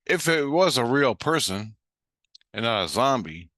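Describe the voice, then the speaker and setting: Profane, ranting man with a bright voice. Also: mid-range voice, measured pace, dry recording, clean studio sound. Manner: profane, ranting, animated retelling; acts out both sides of the dialogue. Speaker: vlogger. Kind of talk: rambling monologue.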